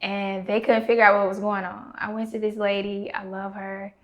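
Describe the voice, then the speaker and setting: A woman's voice: medium pitch, normal speed. A woman in her thirties tells her own story on a podcast in a mid-range voice. She talks candidly and animatedly, slipping into the voices of the people she quotes. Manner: animated, acts out quoted dialogue.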